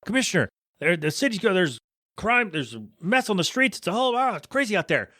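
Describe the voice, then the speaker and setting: A man voicing a panicked male police officer, rushing his words in a frantic, breathless way. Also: sits high, big pitch swings, pushed and bright, dry recording, studio quality, voice pushed up, exaggerated voice.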